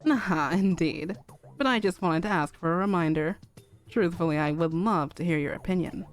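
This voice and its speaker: A woman voicing a sly, playful young woman with a drawn-out, showy delivery. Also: fairly low pitch, soft background music, natural voice. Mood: smug. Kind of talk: fanfic read-aloud on stream.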